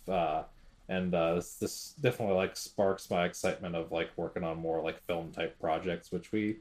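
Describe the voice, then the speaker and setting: A young man hosting a casual podcast, talking in a halting way with many fillers and restarts. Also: sits low, a little mellow. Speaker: podcast host.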